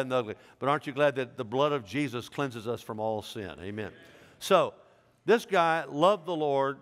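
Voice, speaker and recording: Folksy preacher man in a hall. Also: medium pitch. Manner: folksy, joking, conversational preaching. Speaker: pastor. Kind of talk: sermon. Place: large church sanctuary. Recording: reverberant church hall.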